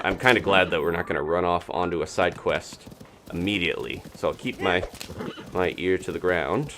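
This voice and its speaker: A man's voice: low-pitched, moderate pace, background noise. A man streaming a video game live, chatty and upbeat, laughing often and greeting his chat. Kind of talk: casual live-stream gameplay commentary.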